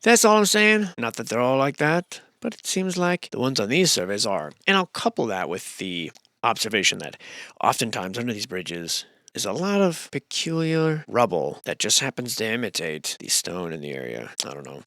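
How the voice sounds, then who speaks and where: A man's voice: mid-range voice, very animated, normal speed, sharp tone, no echo, clean studio sound. A man narrating a photo survey with joking, rambling, sarcastic voice-over commentary.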